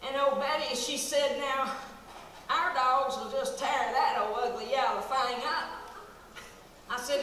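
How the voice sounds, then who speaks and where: A woman's voice: high-pitched, fairly even intonation, a little slow, a bit bright. A woman telling folksy country comedy stories on stage with a drawl, chatty and playful. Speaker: stand-up comic in character. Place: live stage show in a large hall. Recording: echoey hall from far off, noisy.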